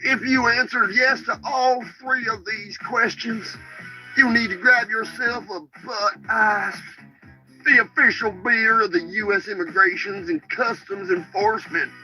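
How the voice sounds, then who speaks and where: A man delivers a spoof beer commercial in a booming, over-the-top salesman's voice. His tone is very bright and high for a man, and he takes his time with each line. Faint music plays underneath. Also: a little slow, rough recording. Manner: booming salesman pitch with crude jokes. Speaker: announcer of a parody beer commercial.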